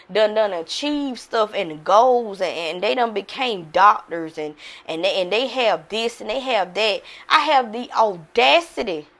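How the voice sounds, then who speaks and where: A woman's voice: fairly high pitch, fairly bright tone. A woman mindset coach giving a candid motivational talk, speaking frankly, repeating herself and often calling out to her listeners.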